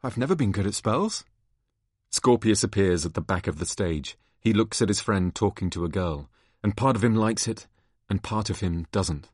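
Low-voiced man, matter-of-fact stage-direction reader. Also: normal speed, slightly rough, dry recording, clean studio sound. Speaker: narrator. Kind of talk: reading stage directions aloud.

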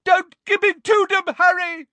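A man doing a frantic teenage boy, high strained shouts, defiant, storybook hero. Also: flat delivery, unhurried, no room sound, heavily acted.

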